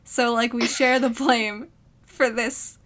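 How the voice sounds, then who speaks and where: Young woman podcast host, high voice, laid back pace, giggly goofy chat. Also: flat delivery, slow, fairly bright tone. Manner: giggly, playful, breaks into goofy put-on accents. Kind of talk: casual comedy podcast chat.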